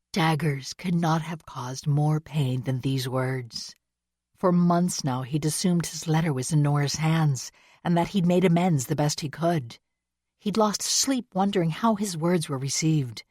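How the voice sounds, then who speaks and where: A woman narrating a historical romance audiobook in a measured, expressive manner. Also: low-pitched, dry recording, studio quality. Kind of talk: scripted narration.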